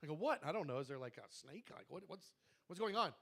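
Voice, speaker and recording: Male prayer leader, high bright voice, lively storyteller who acts out dialogue, testimony to a congregation. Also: fast, vocal fry, breathy edge. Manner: animated storytelling, acting out quoted dialogue.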